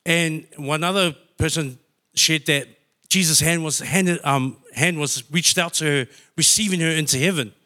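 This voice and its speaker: Speaking at a moderate pace, a church member from New Zealand gives an emotional, heartfelt personal testimony. His voice is bright, forceful, and somewhat on the higher side.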